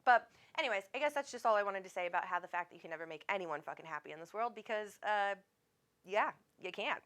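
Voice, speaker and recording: A woman's voice: mid-range voice, animated, fast, a bit bright. Woman, live-stream medium, chatty, laughs a lot, casual swearing. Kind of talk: casual live-stream chat reading comments.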